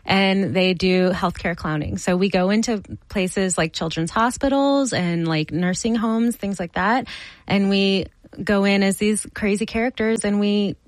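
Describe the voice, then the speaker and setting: A woman in her forties speaking as an interview guest, earnest and lively as she talks about her music. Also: mid-range voice, measured pace, dry recording, rough recording. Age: 40s.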